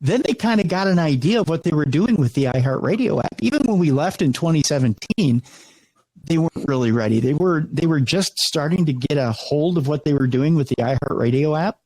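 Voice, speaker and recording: A middle-aged radio host talks in a loose, rambling way, often restarting his sentences and slipping into the voices of the people in his story. His voice sits a little high for a man, and the sound is close and dry. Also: fairly quick, no room sound, low-quality recording. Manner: animated, many restarts, acts out quoted voices. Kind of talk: casual interview storytelling.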